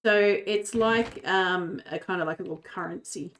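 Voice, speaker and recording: A woman's voice: fairly low pitch, moderate pace, fairly bright tone, a little hiss or hum. A woman streamer chatting casually while she plays a game, giggling and rambling. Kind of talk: casual gaming chat.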